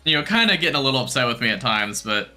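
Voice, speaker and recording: Bright, lively young man streaming. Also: mid-range voice, racing, faint music behind. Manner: chatty, self-mocking, laughs easily. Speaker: game streamer. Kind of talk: casual live-stream chat.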